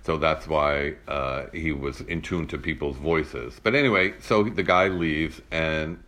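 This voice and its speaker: Very deep-voiced man with a broadcast voice. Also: unhurried, bright, forceful tone. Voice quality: rich broadcast-style voice. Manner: earnest, storytelling. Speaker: podcast co-host. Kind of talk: casual chat.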